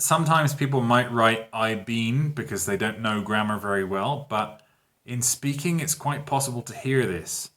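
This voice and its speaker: A man, teaching a grammar lesson in a relaxed, patient way and often checking in with his students. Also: medium pitch. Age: 30s. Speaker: English teacher. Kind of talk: casual online grammar lesson.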